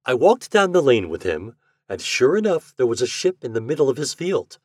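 Male storyteller, podcast reading, husky voice, dry close sound. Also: medium pitch, big pitch swings, normal speed, dry recording. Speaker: podcast reader. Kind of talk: storytelling narration.

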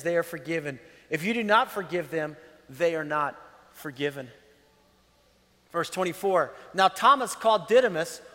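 A pastor preaching a sermon in a conversational way, acting out what people say. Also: male voice, high-pitched, a bit bright. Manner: conversational preaching with acted-out quotes. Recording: long hall reverb.

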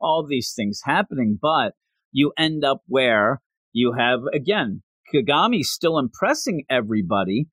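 A man talking casually on a podcast, with a lively voice that rises and falls a great deal. He retells scenes with energy and slips briefly into other voices to act out the characters. The sound is dry and close, with almost no room echo. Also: mid-range voice. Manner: animated storytelling, acting out characters' lines in quick voices. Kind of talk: casual chat recapping a basketball anime.

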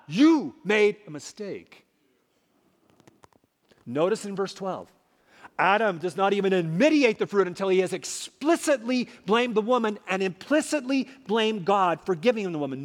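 Animated high-voiced male pastor, hall echo. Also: moderate pace. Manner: emphatic, dramatic swings between loud and hushed. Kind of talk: sermon. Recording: long hall reverb.

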